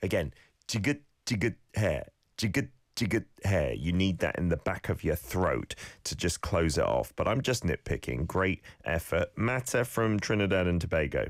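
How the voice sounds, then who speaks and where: A man hosting a radio show, playfully correcting listeners' pronunciation and repeating phrases slowly. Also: low-pitched, animated, no echo, clean studio sound. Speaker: radio host teaching Korean phrases. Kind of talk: casual radio lesson.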